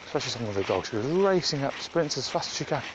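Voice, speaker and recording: A man vlogging casually while walking dogs on a muddy country path, chatting to the camera between loud calls to his dogs. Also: medium pitch, very animated, very fast. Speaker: dog walker. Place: outdoors on a muddy rural path. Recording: muffled outdoor recording with background noise.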